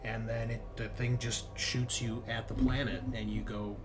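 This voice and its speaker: A man's voice: mid-range voice, flat delivery, moderate pace, noisy background. A man narrating as game master of a tabletop sci-fi game in a casual, easygoing way with frequent fillers.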